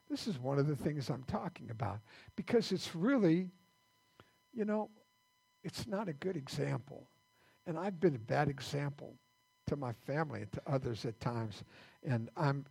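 Gravelly husky male pastor preaching. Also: a little high, darkish tone. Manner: halting, repeats words as he restarts. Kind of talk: conversational sermon. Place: church.

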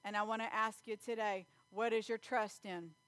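A woman's voice: medium pitch, fairly even intonation, moderate pace, a bit bright, no echo. A woman preaching a folksy sermon, telling family stories and reading scripture. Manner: folksy storytelling with Bible reading, laughs often.

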